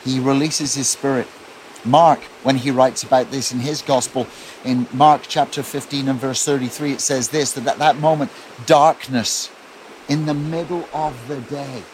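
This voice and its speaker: A man preaching a sermon as pastor, telling the story in an earnest, quietly intense way. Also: mid-range voice, unhurried, a little hiss or hum.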